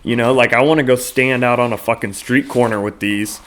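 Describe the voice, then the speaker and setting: A man's voice: medium pitch, steady tone, brisk. A man hosting his own podcast in a casual solo monologue, rambling loosely with lots of fillers and frequent swearing. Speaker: podcast host.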